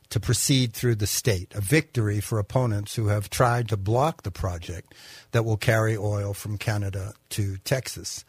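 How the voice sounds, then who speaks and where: A man co-hosting a radio talk show, reading news and commenting in a halting way with fillers. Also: fairly low pitch, breathy edge, dry recording. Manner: halting, with fillers and restarts when speaking freely. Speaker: radio co-host.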